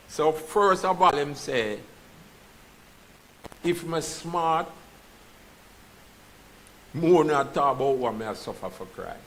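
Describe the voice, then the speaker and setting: In a church, a man with a Jamaican accent preaches and reads scripture aloud, slipping into patois and asking the congregation "you understand?" His mid-range voice is fairly bright, with lively intonation and an unhurried pace. The recording is rough.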